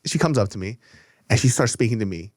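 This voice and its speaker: A man's voice: on the low side, quick pace, dry recording, clean studio sound. A middle-aged man co-hosting a casual podcast, telling stories with lots of swearing and acting out other people's lines. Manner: animated storyteller, swears freely, acts out other people's lines. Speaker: podcast co-host.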